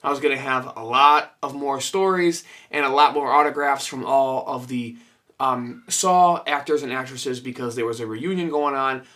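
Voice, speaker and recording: A man's voice: medium pitch, moderate pace. A man vlogging about his horror collectibles, telling stories casually, with lots of swearing and quoted back-and-forth. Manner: animated, swears freely, lots of fillers and quoted dialogue. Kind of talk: casual storytelling to camera. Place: room full of his collection.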